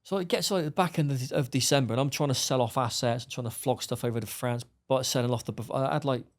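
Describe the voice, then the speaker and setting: As a podcast guest, a middle-aged man tells his story bluntly, swearing and acting out the dialogue in this storytelling interview. He talks at a quick pace in a mid-range voice.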